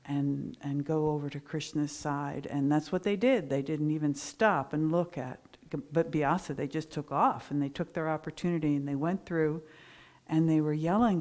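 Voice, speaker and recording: A middle-aged woman preaching at a Sunday service, spinning a story with animated, lively delivery. Her voice sits a little low for a woman. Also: moderate pace. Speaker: minister giving a Sunday talk. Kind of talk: sermon storytelling.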